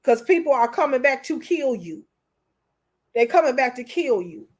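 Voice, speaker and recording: Emotional, preachy high-voiced woman. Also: expressive, moderate pace. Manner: preachy, repeats herself, calls listeners honey. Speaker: commentator. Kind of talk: emotional commentary.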